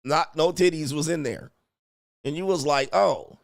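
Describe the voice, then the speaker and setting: A man with a gravelly voice pitched somewhat high riffs crudely to his viewers, talking in heavy slang. He keeps acting out what he and others would say, with loud, animated shifts in delivery. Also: normal speed. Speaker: podcast host. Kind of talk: crude comedic riffing to a live chat.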